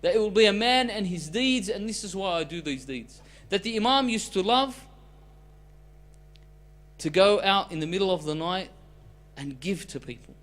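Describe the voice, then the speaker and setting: A man preaching a sermon as a story, with loudness that swings between emphatic lines and soft, hushed ones. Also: high-pitched, animated, moderate pace.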